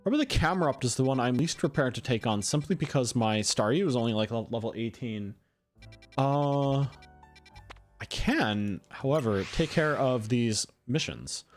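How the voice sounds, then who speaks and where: A man's voice: medium pitch, normal speed, soft background music. A man casually commenting while he plays a video game, chatty and thinking aloud. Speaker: streamer.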